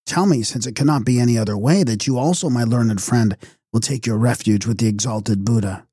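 A man's voice: mid-range voice, steady tone, normal speed, dark tone, breathy edge, no room sound, studio quality, natural voice. A man voicing a shy, eager young disciple who presses his friend impatiently. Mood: pleading.

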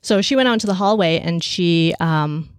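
A woman telling a story casually and with energy, with many fillers, and raising her pitch to act out the people she quotes. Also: moderate pace, clean tone, dry recording, studio quality. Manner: animated, acts out quoted voices at a higher pitch.

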